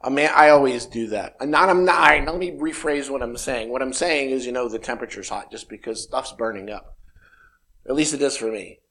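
A man in his fifties speaking in a reflective, meandering way about spiritual ideas. His voice sits at an ordinary pitch, and he slips into acted-out back-and-forth dialogue. He sounds unhurried and thoughtful. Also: fairly bright tone. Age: 50s.

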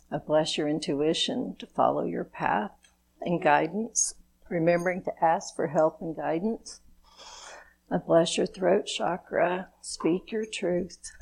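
A woman leading a chakra blessing ritual as its spiritual officiant, speaking in a measured, incantatory way. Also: fairly low pitch, vocal fry, darkish tone, husky, poor audio. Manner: slow, measured, incantatory delivery.

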